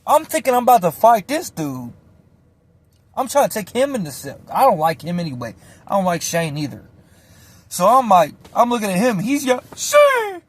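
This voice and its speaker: A man with a notably high speaking voice tells a story in a loose storytime style. His talk is slangy and animated, and he swears freely as he goes. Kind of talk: casual storytime.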